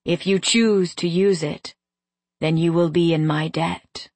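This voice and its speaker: A golden fae lord speaks with a slow, measured calm, voiced by a woman reading the storybook. His lines come soft yet commanding, each word unhurried. The sound is close and dry, with no room around it. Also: lowish voice, no room sound.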